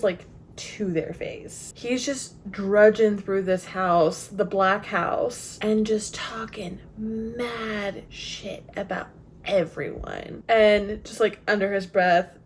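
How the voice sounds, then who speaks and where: A woman's voice: medium pitch, slight background noise. A young woman vlogging casually about a book she is reading, chatty and self-mocking, often laughing. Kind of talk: casual chat to camera.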